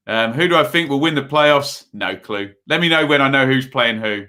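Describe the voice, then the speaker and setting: A man's voice: mid-range voice, lively intonation, moderate pace, few pauses, sharp tone. A man hosting a live football watch-along, calling the play casually and chatting to viewers between moves. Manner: casual play-by-play mixed with reading viewer messages; rambling and chatty, with frequent fillers. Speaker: live stream host.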